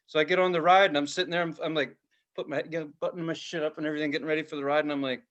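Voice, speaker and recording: A man's voice: on the high side, racing, muffled recording. A man in his forties telling stories in a casual podcast chat, swearing freely and laughing often. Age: 40s. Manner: profane, animated storyteller, laughs often. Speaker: podcast co-host.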